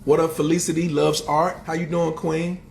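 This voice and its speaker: Greeting his chat in streetwise slang, this man runs a casual motivational livestream as host and motivational speaker. His delivery is animated with pitch that rises and falls, at a moderate pace with vocal fry and a bit of background noise.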